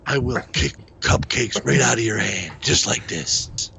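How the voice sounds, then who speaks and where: A man doing a comedic impression of a menacing aging action star, in a low hushed gravelly mumble with deadpan tough-guy threats. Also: unhurried, heavily acted. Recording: muffled recording with loud background noise.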